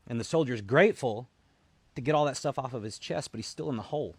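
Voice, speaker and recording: A man of middle pitch speaks to camera in a dry, close recording. He is a veteran, earnest and halting, often repeating a word before going on. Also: husky, no room sound. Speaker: military veteran, founder of a veterans' support group. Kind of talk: personal storytelling to camera.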